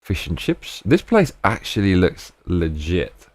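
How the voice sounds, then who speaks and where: Deep-voiced excitable British man. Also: unhurried, no room sound. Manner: excitable, rambling, frequent exclamations. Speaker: live-stream host. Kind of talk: casual live-stream chat.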